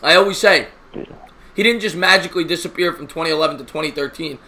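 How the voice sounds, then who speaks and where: Sports stream host, man, bright and a bit high, energetic and joking. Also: quick pace. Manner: energetic, joking, talks to chat. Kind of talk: live-stream sports talk.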